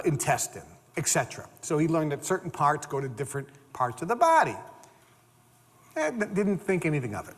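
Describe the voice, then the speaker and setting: An older man giving an animated storytelling talk as a motivational speaker, repeating words and acting out the people in his stories. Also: mid-range voice. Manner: animated, repeats words, acts out quoted dialogue. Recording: long reverb of a hall.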